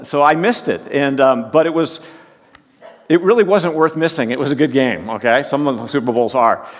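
A man's voice: mid-range voice, long reverb tail. A man preaching a sermon as pastor, folksy and joking as he tells stories.

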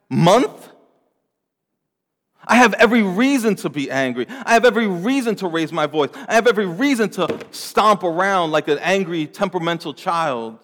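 A man's voice: high-pitched, a bit bright, in a large hall, pitched above the performer's own voice. A man voicing an indignant man who is defending his own anger, speaking in an exasperated, raised voice.

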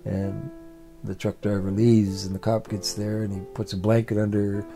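Guy spinning a spooky family tale, warm low-key voice, soft guitar behind. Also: flat delivery, normal speed, gravelly. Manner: repetitive, building phrases. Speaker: storyteller. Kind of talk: oral storytelling.

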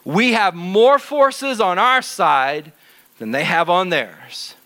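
A man doing a calm, reassuring prophet. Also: sits high, slow pace, full character voice. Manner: reassuring, steady. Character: calm, confident male prophet.

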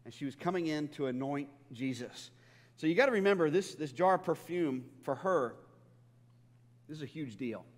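A man's voice: fairly high pitch, moderate pace, darkish tone, big-room sound. A man preaching a sermon, telling stories with humor and often repeating his words as he goes. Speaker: pastor.

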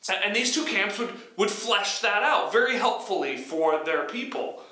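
A man's voice: high-pitched, expressive, moderate pace, bright, forceful tone. A man from the United States teaching a sermon in a conversational way, with frequent restarts. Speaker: preacher. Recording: echoey room.

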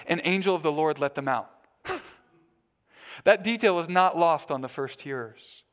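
A man's voice: fairly high pitch, a bit bright. A man preaching a sermon as a pastor, telling stories in a conversational way.

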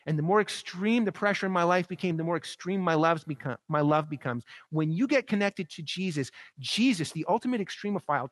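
A male pastor delivers a sermon in a fairly high voice, with a close, dry sound. He climbs to emphatic, raised peaks on repeated rhetorical phrases, then sinks soft and low. His delivery swells and falls in waves. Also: no room sound.

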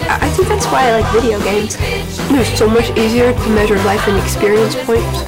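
This is an actress voicing an awkward young gamer girl from a web series, with quick, wry lines. Her voice sits a little high. Loud music plays behind her. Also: close to an everyday voice, rough recording. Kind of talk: clips from scripted web series. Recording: played over loud music.

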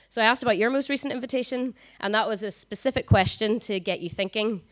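A woman, giving a conversational sermon at a church service, talking fast with frequent ums. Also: mid-range voice. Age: 20s. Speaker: preacher.

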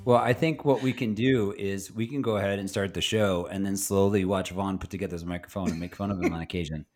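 A man co-hosting a podcast in casual chat, relaxed and rambling, teasing his co-hosts. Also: low voice, fast talker, faint music behind. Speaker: podcast co-host.

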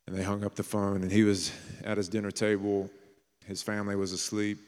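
Low-voiced preacher in a reverberant hall. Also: male voice, monotone, a little fast. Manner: earnest preaching that drops into hushed storytelling. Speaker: pastor. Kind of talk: sermon. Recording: long reverb of a large hall.

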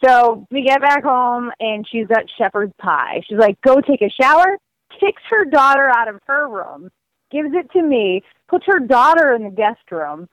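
A woman guest telling stories in a casual, lively way, full of "like" and acted quotes. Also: a little high, measured pace, no room sound, poor audio. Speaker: guest describing her cross-country walk. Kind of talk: casual storytelling.

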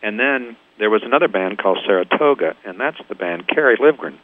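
A man's voice: fairly low pitch, a little fast. An older man from Kansas, a band founder, telling his story in an interview and acting out the voices of the people in it. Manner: lively storyteller, acts out quoted voices. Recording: tinny phone line.

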